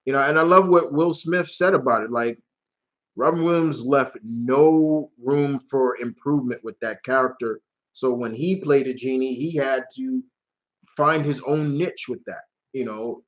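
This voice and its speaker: A man's voice: mid-range voice, unhurried, highs cut off. A man hosting a live question-and-answer stream, chatting casually and rambling, with free swearing. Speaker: channel host.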